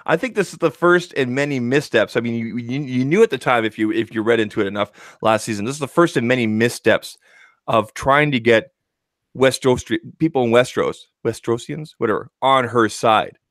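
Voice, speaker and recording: Man from Canada, casual co-host, mid-pitched, dry mic, playful quoting. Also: fairly quick, a bit bright, no echo. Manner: chatty, acts out quotes in funny voices. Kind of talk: casual chat.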